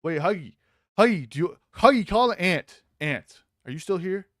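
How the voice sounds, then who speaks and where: A man hosting a casual live-stream commentary, excitable and mocking, swearing freely. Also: sits high, normal speed, no room sound, clean studio sound.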